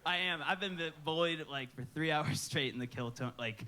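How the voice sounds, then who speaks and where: On the high side and bright, this twenty-something man's voice carries a forceful tone at a moderate pace. He's a comedian guest in a casual stage interview, answering in a laid-back stoner drawl with nervous giggles, saying "dude" often.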